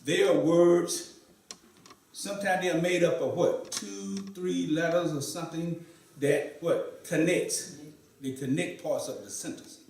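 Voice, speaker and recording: A man's voice: fairly high pitch, fairly even intonation, unhurried, creaky, a little mellow. A man teaching Arabic to a class in a mosque, often asking questions and repeating students' answers. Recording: echoey room, voice from far off.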